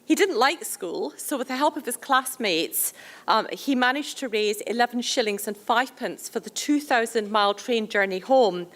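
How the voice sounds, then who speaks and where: Female event host, chatty introduction of a guest; slightly high voice. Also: expressive, moderate pace, a bit bright. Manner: chatty, with fillers and restarts. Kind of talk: speaker introduction.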